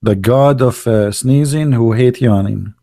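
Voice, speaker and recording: A man's voice: mid-range voice, creaky, dark tone, dry recording. Sarcastic guy ranting alone, lots of uh's, dry close sound. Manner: mocking, sarcastic, halting with fillers. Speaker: online religious debater. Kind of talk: casual monologue.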